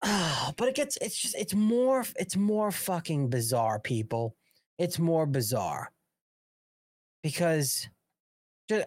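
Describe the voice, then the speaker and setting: A man's voice: a little high, dry recording. Man hosting a live talk show, crude sarcastic rant, voice bouncing all over, dry close mic. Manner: reads news aloud, then riffs on it. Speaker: host.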